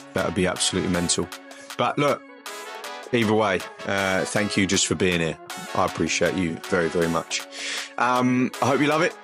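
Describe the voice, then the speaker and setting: A man hosting a podcast, talking in an upbeat, slangy, laid-back way. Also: lowish voice. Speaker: podcast host. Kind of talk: casual podcast chat.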